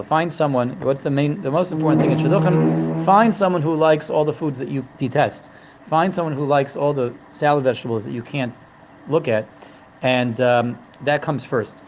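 A man's voice: a little high, a little fast, vocal fry, a little mellow, lo-fi sound, a little hiss or hum. A man teaching a religious text, humorous and digressive, often repeating and restarting his phrases. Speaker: Torah teacher. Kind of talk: religious lesson.

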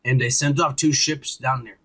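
A man co-hosting a podcast, ranting profanely in casual chat and acting out scenes in quick quoted voices. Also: mid-range voice, fairly even intonation, a bit bright. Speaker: podcast co-host.

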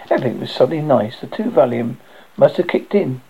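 A man's voice: medium pitch, animated, brisk, creaky, husky, highs cut off. A man narrating his memoir aloud in a wry, self-mocking way. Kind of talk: memoir reading.

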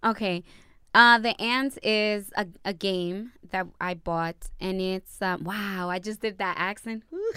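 Animated young woman co-hosting a livestream. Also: medium pitch, a little slow, clean tone. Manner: animated, laughing, slangy storyteller. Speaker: podcast co-host. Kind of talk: casual livestream chat. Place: home studio. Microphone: studio mic.

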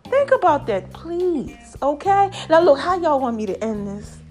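Animated raspy woman podcast host. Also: a little slow, soft background music. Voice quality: raspy, deeper than usual. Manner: preachy, animated, calls listeners "baby" and "y'all". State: slightly hoarse. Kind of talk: casual motivational podcast monologue.

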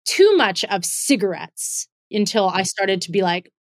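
A woman comedian from Pittsburgh, in her thirties, telling her story in an interview with lively listing runs. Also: medium pitch, no room sound, studio quality. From Pittsburgh, Pennsylvania. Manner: animated, lists things in quick repeating runs. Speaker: comedian guest.

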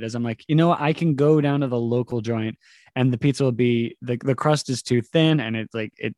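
With a darkish, mid-range voice, this thirty-something comic drifts through loose tangents as a podcast guest, laughing constantly and dropping into silly impressions. The audio is studio-clean, free of room sound.

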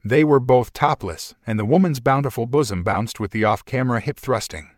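A man's voice: mid-range voice, a little fast, no echo, clean studio sound. A man narrating a first-person story in a wry, conversational manner.

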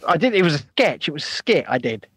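Teasing man, fairly high voice. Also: sing-song, fast, fairly bright tone, husky, dry recording, clean studio sound. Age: adult with a child. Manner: teasing, banters, swears. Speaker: podcast co-host. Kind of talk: casual chat.

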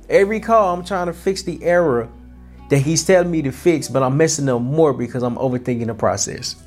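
A young man hosting a podcast, speaking earnestly and casually about experience and self-worth at a mid-range pitch. He restarts and repeats phrases as he talks, and a faint bed of music runs underneath. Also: a little fast, a little mellow. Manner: earnest, repeats himself, colloquial. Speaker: podcast host. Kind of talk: motivational talk.

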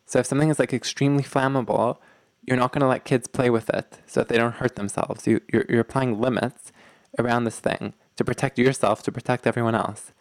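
A man's voice: medium pitch, steady tone, a little fast, no echo. A man hosting a relationship advice talk, speaking earnestly and emphatically, often checking in with the listener and rambling with many fillers. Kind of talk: direct-to-audience advice talk.

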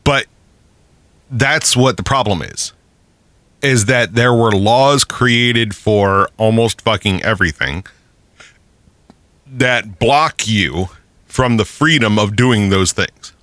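Male podcast host, profane ranter, laughs a lot; bright tone, dry close sound. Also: lowish voice, slow pace, pauses often, no echo. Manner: profane, ranting, laughs often. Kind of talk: casual podcast chat.

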